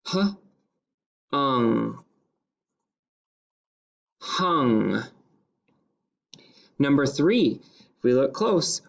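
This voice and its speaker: Male teacher, phonics dictation, very slow and deliberate, slightly dull lo-fi sound. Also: medium pitch, vocal fry.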